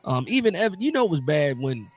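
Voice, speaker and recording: Animated high-voiced sports talk host. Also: male voice, fast talker, no echo. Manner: animated, emphatic, repeats himself for emphasis. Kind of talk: casual live-stream sports talk.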